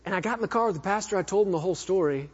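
A traveling minister telling a story in a sermon, animated and acting out the dialogue, with a husky voice. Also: male voice, sits high, racing. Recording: dull lo-fi recording.

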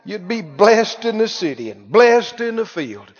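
High-voiced preacher in a reverberant church. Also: male voice, sing-song, unhurried, hardly any pauses, soft background music. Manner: emphatic, repetitive preaching, calls for audience response. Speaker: pastor. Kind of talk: sermon. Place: church hall. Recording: muffled, reverberant church recording.

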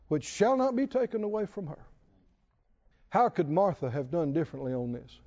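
A man's voice: sits high, a little fast, mellow, dull audio. A man preaching a sermon, drawing call-and-response replies from his congregation. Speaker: pastor.

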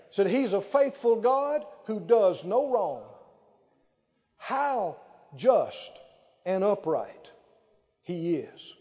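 A man preaching with a high, swooping voice that ranges widely as he drives each point home. His tone is mellow and warm rather than bright, and he draws out his words slowly. The sound is muffled and lo-fi, ringing with the long echo of a large hall. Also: big pitch swings. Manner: emphatic, drawn-out phrases with call-and-response. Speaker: pastor. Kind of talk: sermon.

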